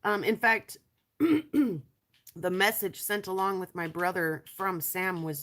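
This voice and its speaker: A woman with a stuffy nose and a raspy voice from allergies, chatting casually on a live stream as she shows rocks and trails off with ums. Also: medium pitch, takes it slowly, a bit bright. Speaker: lapidary showing rocks to viewers.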